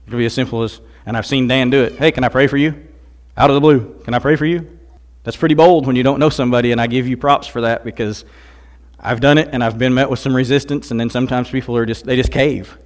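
Older man preaching earnestly. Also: medium pitch. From Missouri, USA. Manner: earnest preaching, rising to emphatic outbursts. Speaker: guest speaker. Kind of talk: sermon with personal testimony.

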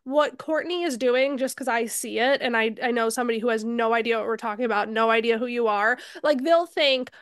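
A woman's voice: a little high, fairly quick, few pauses, fairly bright tone, smooth, no echo, clean studio sound. A woman hosting a podcast interview, talking in an effusive, encouraging way with lots of "like". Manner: effusive and encouraging, heavy use of "like". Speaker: podcast host.

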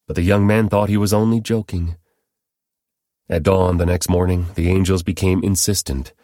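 A man giving a steady, measured scripted reading of scripture as narrator. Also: low-pitched, no echo, studio quality. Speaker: Bible reader.

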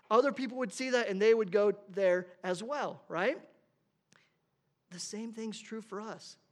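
A man with a high voice preaching to his church. He talks casually and restarts his phrases with repeated words, like a pastor chatting from the pulpit. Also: normal speed. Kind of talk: sermon.

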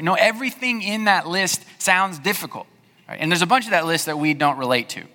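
Male pastor, fairly high bright voice, chatty sermon delivery with reverberant hall sound. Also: expressive, a little fast. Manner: conversational preaching with rhetorical questions.

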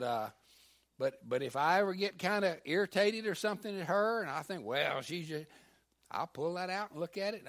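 His voice a touch high, an older man gives a spirited sermon as pastor, shifting between booming emphasis and softly spoken asides.

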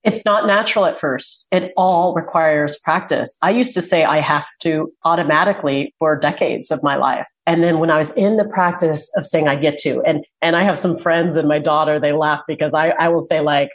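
A woman speaks as a guest in a relaxed interview, with a slightly low voice. She is earnest and emphatic, slowing down to stress her main points. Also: rough recording. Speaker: guest, communication coach. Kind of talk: casual interview chat.

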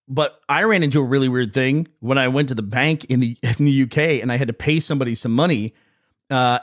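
An American man hosts a podcast in a mid-range voice, wandering through casual stories and chuckling often. The recording is dry and studio quality.

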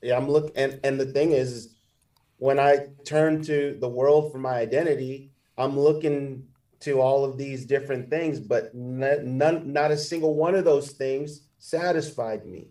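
A man sharing his personal testimony as a guest, speaking in a measured, halting way and clearing his throat. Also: medium pitch, steady tone, dark tone, recorded from a distance.

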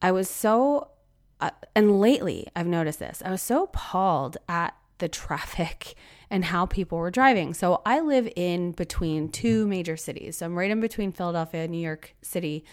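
A woman's voice: lowish voice, lively intonation, normal speed. A woman hosting her own podcast, fighting a cough and losing her voice. She talks in a chatty, rambling way and gets worked up into exclamations. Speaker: podcast host and photographer. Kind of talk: casual solo podcast talk.

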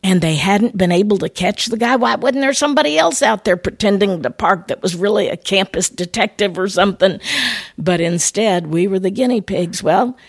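A woman's voice: medium pitch, moderate pace, vocal fry, no echo. Older woman telling a story, dry sound. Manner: animated, conversational storytelling with playful asides. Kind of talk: personal storytelling message.

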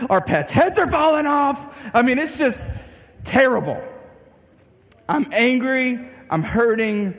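A young man preaches through a funny personal story, his voice pitched high and ringing with a long hall reverb. He acts out his own frustration, now and then breaking into a shout. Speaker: pastor. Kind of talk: storytelling sermon.

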